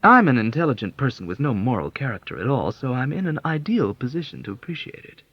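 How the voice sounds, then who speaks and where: A man's voice: medium pitch, big pitch swings, fast talker, no room sound, pitched above the performer's own voice. A man reading an audiobook and voicing a sly, sardonic middle-aged male colonel who mocks with ironic sweetness. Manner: smooth, mocking, ironically sweet. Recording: dull, dry lo-fi audiobook.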